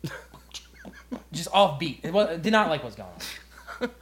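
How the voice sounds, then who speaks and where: A man's voice: fairly high pitch, very animated, slow, fairly bright tone, a little hiss or hum. A young man co-hosting a podcast, telling a story in casual chat, acting out the quotes and swearing freely. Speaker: podcast co-host.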